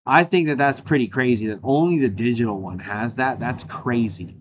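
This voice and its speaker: A man's voice: medium pitch, normal speed, highs cut off, a little hiss or hum. A man hosting his own show in a casual, rambling chat, jumping animatedly between topics. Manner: animated, jumps between topics, frequent fillers and laughs. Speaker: show host.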